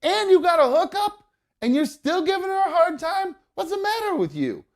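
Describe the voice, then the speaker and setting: A woman's voice: very high voice, big pitch swings, moderate pace, voice pushed up, heavily acted. A man putting on the raised, indignant voice of a young woman scolding a rude old man at a store. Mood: incredulous.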